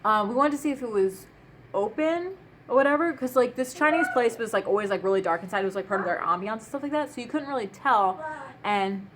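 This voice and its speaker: A woman's voice: on the high side, expressive, fast talker, background noise. A woman vlogger telling stories in a casual, chatty way, full of fillers and laughing asides. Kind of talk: casual storytime.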